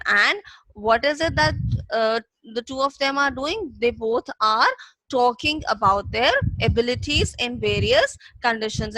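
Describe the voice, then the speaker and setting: A woman's voice: a little high, sharp tone, dry recording, poor audio. A woman teacher explaining a lesson patiently, repeating key points for young students. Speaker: English teacher. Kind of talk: classroom reading lesson.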